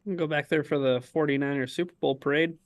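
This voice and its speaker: A man's voice: a little high, fairly even intonation, quick pace. A man co-hosting a sports podcast and running a game segment, easygoing with hesitant fillers. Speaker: podcast co-host, game runner. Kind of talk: casual podcast banter.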